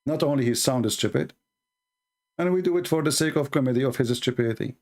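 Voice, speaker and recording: A man's voice: medium pitch, a little fast, a little mellow. A man hosting his channel, ranting at viewers in a combative, sarcastic and insulting way. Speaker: channel host. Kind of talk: angry rant to viewers.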